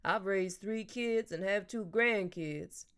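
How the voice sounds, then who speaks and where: A woman's voice: medium pitch, slow pace, fairly bright tone, clean tone. A woman voicing a kindly, teasing older man and grandfather who jokes in a dry, storytelling way.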